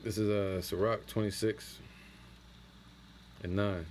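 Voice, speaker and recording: A man teaching an impromptu scripture lesson, reading verses slowly and then commenting in loose, slangy talk. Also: low-pitched, fairly even intonation, darkish tone, slight background noise. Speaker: teacher of a religious camp.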